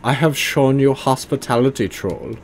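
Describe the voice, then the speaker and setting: A man's voice: mid-range voice, normal speed, a little hiss or hum, pitched above the performer's own voice, close to an everyday voice. A man voicing a sneering, arrogant male extremist leader with a put-on German accent and a foppish, mocking manner. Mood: gloating.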